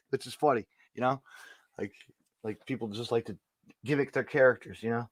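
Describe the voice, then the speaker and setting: A man's voice: mid-range voice, normal speed, no room sound. Rambling, laughing podcast host man. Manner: rambling, laughing, full of "you know". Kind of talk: casual chat.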